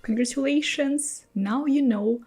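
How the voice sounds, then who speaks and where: A woman with Russian as her first language, explaining pronunciation rules patiently and slowly, repeating example words. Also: sits high, darkish tone.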